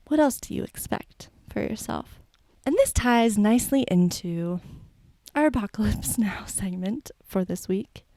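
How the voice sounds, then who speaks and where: Woman, podcast co-host, casual irreverent chat, laughs a lot, mellow warm tone, dry close recording. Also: mid-range voice, no room sound. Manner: chatty, irreverent, laughs often, swears casually.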